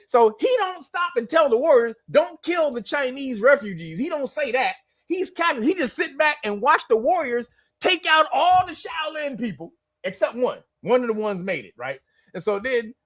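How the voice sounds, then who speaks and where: A man hosting a podcast, ranting in casual commentary with lots of profanity and frequent laughter. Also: very high-pitched. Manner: animated, profane, laughs often while ranting. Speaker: podcast host.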